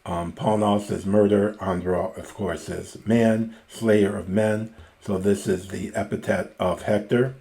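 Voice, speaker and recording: A man's voice: on the low side, steady tone, a little slow, warm tone. A middle-aged man teaching a classical reading lesson, reading lines aloud and then parsing them word by word in a methodical way. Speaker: Greek teacher.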